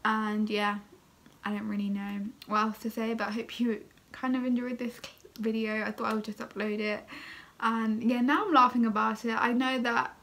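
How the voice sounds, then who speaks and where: A woman's voice: fairly high pitch, flat delivery, moderate pace, a bit bright, a little hiss or hum. A young woman telling a casual story-time vlog, chatty and full of fillers, tired and still recovering. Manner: chatty, many fillers like "like" and "oh my God". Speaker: vlogger.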